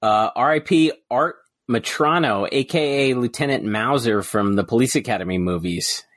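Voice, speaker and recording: A man co-hosting a comedy podcast, recorded close and dry with no room sound. He brings up news items in deadpan casual chat, at a mid pitch. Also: moderate pace, no echo.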